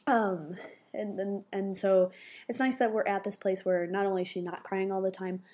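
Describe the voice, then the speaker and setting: A woman's voice: mid-range voice, fairly even intonation, normal speed, darkish tone. A woman co-hosting a casual podcast, talking in a chatty, rambling way with lots of fillers. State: pregnant. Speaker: podcast co-host and mother. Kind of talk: casual chat.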